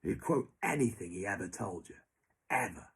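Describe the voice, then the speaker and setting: A young man delivers an angry monologue to someone who isn't there. His voice sits low and husky. He swears constantly and keeps coming back to the other person's name. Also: expressive, normal speed, fairly bright tone. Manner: ranting, heavy swearing, repeats a name.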